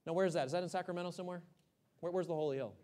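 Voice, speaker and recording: Male pastor from Texas, high voice, dynamic sermon delivery: loud emphasis, then hushed lines, questions to the pews. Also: rapid-fire. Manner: dynamic preaching, swings from loud emphasis to hushed near-whisper; asks the congregation questions, repeats words when restarting.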